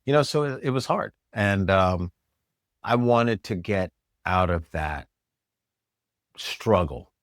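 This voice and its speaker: A man's voice: low voice, slow, long pauses, dry recording, clean studio sound. A middle-aged man from New York, a chiropractor guesting on a podcast, telling stories in a casual interview and acting out the voices of people he quotes. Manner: animated storyteller, acts out quoted voices.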